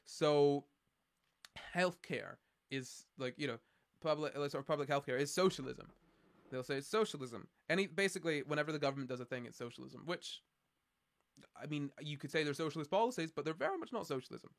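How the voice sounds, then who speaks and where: A man's voice: fairly high pitch, lively intonation, brisk, vocal fry. A man from Scotland with a Scottish accent, chatting casually on a live stream in a rambling, sardonic way. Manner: rambling, sardonic, many restarts and fillers. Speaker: streamer answering chat.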